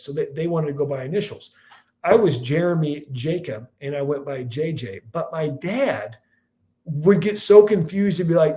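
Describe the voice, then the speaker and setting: A man in his forties with a slightly high voice tells long stories. He is rambling and animated, restarting his sentences as he goes. He is a podcast guest from Illinois. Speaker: podcast guest, football analyst. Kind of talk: casual storytelling chat.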